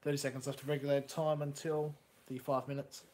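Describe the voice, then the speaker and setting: A young man hosting a live stream, reacting excitedly to a football match, swearing casually and reading out chat messages. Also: mid-range voice, brisk.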